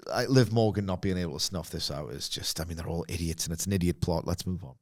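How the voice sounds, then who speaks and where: A man's voice: sits low, fast talker, a little mellow. A man co-hosting a podcast with blunt, dismissive casual commentary. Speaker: podcast co-host.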